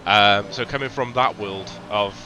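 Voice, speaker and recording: A man with a slightly low voice hosts a sim racing live stream. He chats casually and rambles a little, with many ums and restarts. A clear layer of background noise sits under the voice. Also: a little slow, pushed and bright, highs cut off.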